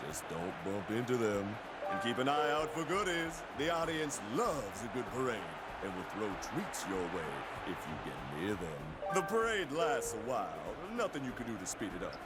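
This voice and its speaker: A man's voice: medium pitch, very animated, moderate pace, natural voice. A man voicing a flamboyant male penguin film director who calls everyone darling. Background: loud game music.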